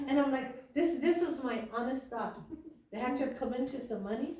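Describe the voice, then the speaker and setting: A woman preaching a sermon, telling stories in a chatty way and slowing down to stress key lines. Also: high voice, dark tone. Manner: chatty storytelling with slow emphatic lines. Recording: echoey hall from far off, faint hiss.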